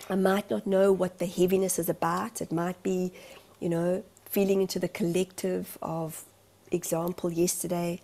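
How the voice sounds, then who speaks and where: Woman, vlog monologue, earnest and emotional, rambling, gravelly, mellow. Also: fairly low pitch, little pitch movement, normal speed.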